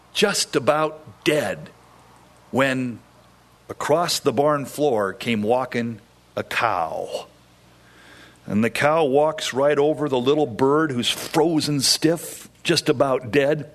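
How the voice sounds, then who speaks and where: A man preaching a sermon, telling a story and acting out quoted voices, with sudden drops into a low tone.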